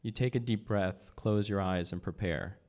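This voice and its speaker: A man reading aloud from his own novel at a live event, measured, lifting his voice for the characters' lines. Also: darkish tone. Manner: measured, voices dialogue with pitch jumps.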